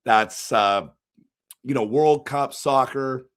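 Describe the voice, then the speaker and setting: A man hosting a casual hockey livestream with a hoarse, strained voice. He rambles, reads viewer comments aloud and jumps into excited outbursts. His pitch sits in an ordinary middle range. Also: takes it slowly. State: hoarse, voice shot. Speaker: hockey fan streamer hosting a post-game show. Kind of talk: casual live-stream chat.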